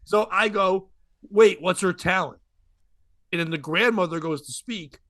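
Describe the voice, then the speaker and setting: A man's voice: high-pitched, a little slow, no echo. A man hosting a casual comedy podcast, telling stories with lots of laughing and acting out the other people's voices. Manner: animated storytelling, acts out voices, laughs often.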